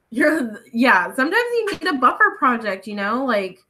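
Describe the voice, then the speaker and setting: Chatty woman over loud clicking. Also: sits high, background noise. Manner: chatty, laughs often, reads out viewer comments. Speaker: crochet livestream host. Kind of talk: casual chat with live viewers. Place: home.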